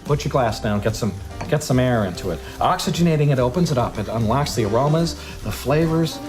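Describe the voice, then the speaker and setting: A fussy middle-aged wine snob, played by an actor in a film scene, precise and instructive at a mid pitch. A film score plays clearly behind him. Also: male voice, expressive, brisk, music in the background, natural voice. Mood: lecturing.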